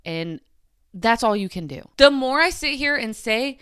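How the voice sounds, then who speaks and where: A woman's voice: fairly high pitch, expressive, measured pace, a bit bright, clean tone, no echo, studio quality. A young woman hosting a podcast, talking through something that upset her, repeating herself, her voice rising and falling sharply. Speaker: podcast host. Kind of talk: emotional personal monologue.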